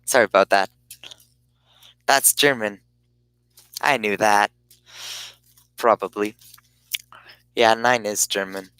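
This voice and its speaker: A man talking on a live stream at an unhurried, slow pace. His voice is smooth and clean, recorded dry and close with no room sound. He rambles and stops and starts, often breaking off his own sentences. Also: lowish voice, a bit bright, no room sound, rough recording. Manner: rambling, halting, self-interrupting. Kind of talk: casual live-stream chat.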